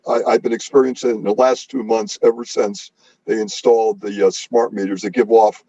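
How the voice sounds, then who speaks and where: Dark-voiced male interviewer, dull lo-fi sound. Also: lowish voice, level tone, no room sound. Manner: conversational, halting, with many fillers. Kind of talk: casual interview talk.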